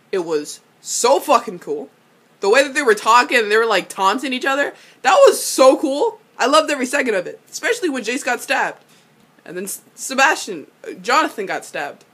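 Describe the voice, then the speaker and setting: Brief: young woman vlogger, excitable, swears a lot, crisp bright tone. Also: fairly high pitch. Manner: excitable, swears freely, bursts into loud laughing rants. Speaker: YouTuber recapping a TV episode. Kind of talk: casual episode recap.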